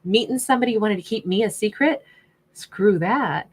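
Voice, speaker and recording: A woman's voice: lowish voice, measured pace. A woman acting out a sassy, self-assured woman who refuses to be kept secret, speaking brashly and defiantly. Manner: brash and defiant, with big emphatic questions.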